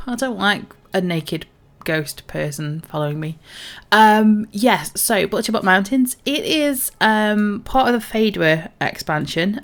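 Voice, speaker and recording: Chatty low-voiced woman game streamer. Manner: chatty, rambling, many ums. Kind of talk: casual gameplay commentary.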